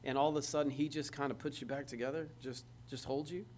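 A man's voice: medium pitch, steady tone, fast, a little mellow, a little hiss or hum. A man preaching a sermon, emphatic, repeating his phrases and putting questions to the listeners.

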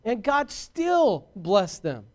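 A man preaching a sermon to his congregation, swinging between loud exhortation and hushed, earnest talk, and calling out for amens. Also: high voice, wildly swooping pitch, drawn-out words. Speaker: pastor.

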